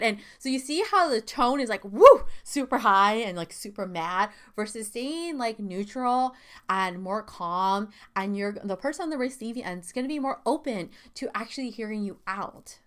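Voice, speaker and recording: A woman's voice: medium pitch, animated, normal speed, fairly bright tone. A woman hosting a self-help podcast, talking candidly and casually with lots of fillers and asides. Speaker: podcast host.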